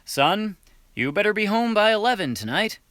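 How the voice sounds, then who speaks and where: A man's voice: sits high, big pitch swings, normal speed, a bit bright, clean tone, no echo, clean studio sound, pitched above the performer's own voice. Man doing a strict dad, firm curfew line, brief demo read. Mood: stern. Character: strict adult male father.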